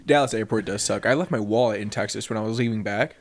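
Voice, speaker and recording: An animated man telling a story on a casual podcast. His pitch jumps up when he acts out other people's lines, and laughter breaks into his telling. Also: quick pace. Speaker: podcast co-host.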